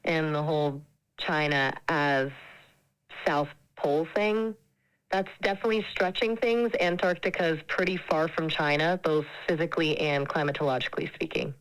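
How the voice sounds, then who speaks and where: A woman's synthetic AI assistant voice in casual chat, polite, measured and upbeat. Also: low-pitched, fairly even intonation, clean tone, rough recording.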